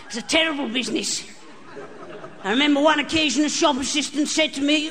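A man performing a stand-up set in a strained, unusually high voice and a deadpan, grotesque absurdist delivery, recorded live on stage. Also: moderate pace, pauses often, a crowd in the background. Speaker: stand-up comedian. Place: comedy club stage with a live audience. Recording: archive broadcast of a live show with hall reverb and audience laughter.

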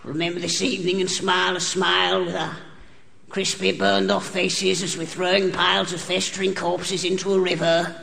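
A man performing a stand-up set in a strained, unusually high voice and a deadpan, grotesque absurdist delivery, recorded live on stage. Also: moderate pace, creaky. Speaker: stand-up comedian. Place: comedy club stage with a live audience. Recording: archive broadcast of a live show with hall reverb and audience laughter.

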